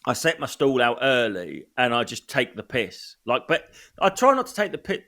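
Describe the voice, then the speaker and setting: A man's voice: mid-range voice, very animated, normal speed, bright, forceful tone. A male comedian chatting casually, blunt and sweary, telling anecdotes from his gigs. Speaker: stand-up comedian. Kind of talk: casual chat.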